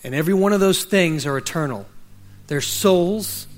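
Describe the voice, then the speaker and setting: A man's voice: on the high side, animated, normal speed. A man pastor reading a children's story aloud and then preaching a sermon. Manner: reads a story aloud gently, then preaches with rising urgency.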